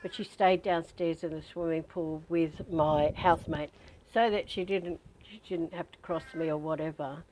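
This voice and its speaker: Here a woman speaks in a low pitch at a moderate pace, her intonation fairly even and her tone a little mellow. The poor audio carries some hiss or hum as this spiritual teacher tells personal stories candidly and guides listeners through breathing in a training session.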